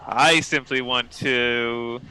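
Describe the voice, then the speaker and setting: A proud woman professor of science, played by a man at the tabletop, measured and faintly haughty. The voice is bright and crisp, pitched a little high for a man, and every word comes slowly and carefully. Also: steady tone, low-quality recording. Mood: composed. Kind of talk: tabletop role-play in character.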